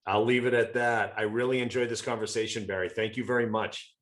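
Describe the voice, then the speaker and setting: A male podcast host with a fairly low voice wraps up an interview. His sign-off is brief and friendly. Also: steady tone, fairly quick, a bit bright. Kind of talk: closing an interview.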